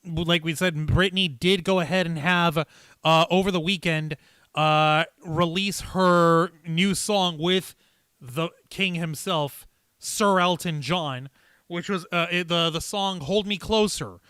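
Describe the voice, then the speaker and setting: A man hosting a casual livestream, talking in a loose, energetic way and swearing freely. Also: fairly high pitch, unhurried, clean tone, dry recording. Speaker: host.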